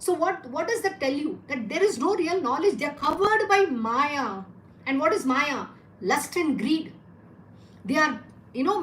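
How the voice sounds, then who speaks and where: Impassioned high-voiced woman teacher. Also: reverberant, a little hiss or hum, low-quality recording. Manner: impassioned, scolding, rhetorical questions. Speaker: spiritual teacher. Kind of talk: devotional discourse.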